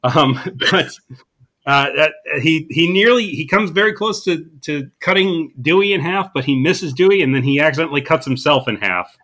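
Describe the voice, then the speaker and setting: A man on a podcast, chatting casually about a comedy film. His voice is bright and lively and sits a little high, and he keeps laughing as he quotes scenes in a dry, deadpan way. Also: normal speed. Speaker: podcast co-host. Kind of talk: casual movie-recap chat.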